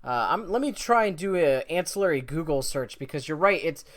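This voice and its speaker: Wry podcast co-host. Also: male voice, on the high side, expressive, a little fast. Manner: wry, enthusiastic while reading out lists. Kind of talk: casual chat.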